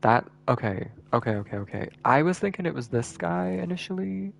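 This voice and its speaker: Gravelly man thinking aloud. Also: a little high, sing-song, fairly quick, slight background noise. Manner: thinking aloud, repeating words. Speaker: streamer. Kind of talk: casual gameplay commentary.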